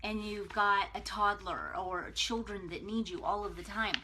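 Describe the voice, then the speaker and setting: A woman's voice: medium pitch, normal speed, slight background noise. A woman hosting a live video, giving a casual, emphatic pep talk and checking in with viewers. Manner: energetic and emphatic, chatty, with frequent "okay?".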